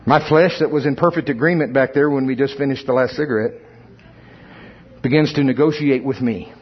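A man preaching, telling his own testimony in a humorous, animated storytelling way. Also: mid-range voice, fairly quick, slightly rough, lo-fi sound. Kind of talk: sermon testimony.

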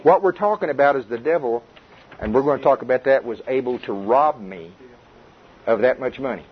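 Husky-voiced man teaching a Bible study. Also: mid-range voice, fairly quick. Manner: folksy, repeats himself, restarts, questions the group. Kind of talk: informal teaching to a small group. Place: indoor room with a group. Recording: dull, lo-fi recording.

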